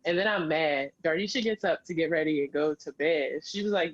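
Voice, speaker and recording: A woman with a lowish voice tells a story in animated, slangy casual chat. The sound is dull and lo-fi. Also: a little fast, hardly any pauses. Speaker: podcast co-host.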